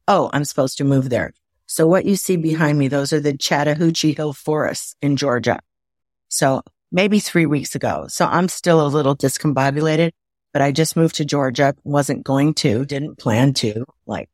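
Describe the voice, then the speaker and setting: A woman from the Midwest with a low voice, speaking as an interview guest over a video call from home. She tells her stories with energy and slips into playful inner dialogue. The recording is close and dry. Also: dry recording. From Midwest of the United States. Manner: lively anecdotes, acts out her own inner voice. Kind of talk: conversational storytelling. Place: home, indoors.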